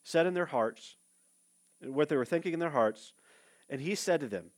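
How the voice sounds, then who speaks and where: A man's voice: fairly high pitch, animated, normal speed, pauses often. Man preaching in a conversational way. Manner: conversational preaching with fillers, addresses listeners directly. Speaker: pastor. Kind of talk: sermon.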